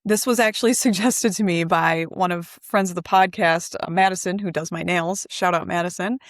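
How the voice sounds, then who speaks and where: A woman's voice: on the low side, steady tone, normal speed, no echo, clean studio sound. A woman co-hosting a movie podcast in casual chat, chatty and playful. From Michigan. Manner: chatty, playful, easily laughing. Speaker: podcast co-host.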